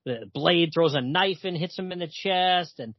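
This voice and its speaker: A man's voice: a little high, moderate pace, no echo, lo-fi sound. A man co-hosting a comics podcast in casual chat, retelling the story with lots of fillers. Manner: chatty retelling full of fillers, reads lines aloud.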